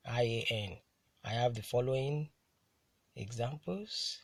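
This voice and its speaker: Man, pronunciation teacher, slow careful drilling, each word said twice, dry close sound. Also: mid-range voice, lively intonation, dry recording. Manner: repeats each word slowly and deliberately.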